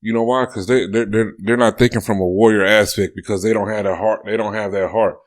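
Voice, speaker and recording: A man's voice: on the low side, fairly even intonation, fairly quick. A man co-hosting a casual podcast, talking emphatically, repeating his phrases and swearing freely. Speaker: podcast co-host.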